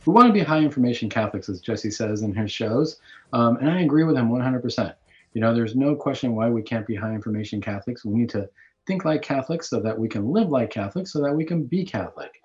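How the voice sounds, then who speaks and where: A man's voice: medium pitch, expressive, fast talker. A man hosting a Catholic radio talk show, speaking earnestly in a preaching manner, with fillers and restarts. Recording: dull lo-fi radio audio.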